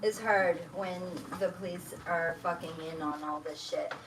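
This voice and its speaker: A woman's voice: on the low side, a little slow, noisy background. A woman talking on a phone livestream from her home kitchen, swearing often and ranting in a heated, agitated way. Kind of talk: casual livestream chat.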